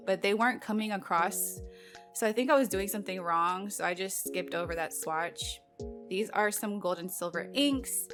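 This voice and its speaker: A chatty woman vlogger unboxes a haul of nail supplies, talking loosely with many fillers and bits of playful exasperation. Her pitch is in an ordinary middle range, and soft music plays faintly underneath.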